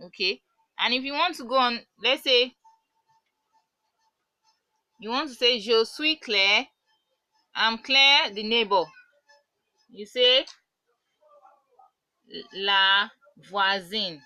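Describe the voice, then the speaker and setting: A woman teaching a beginner French lesson, patiently repeating words slowly to show the pronunciation. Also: on the high side, sharp tone, no echo, low-quality recording. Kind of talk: online language lesson.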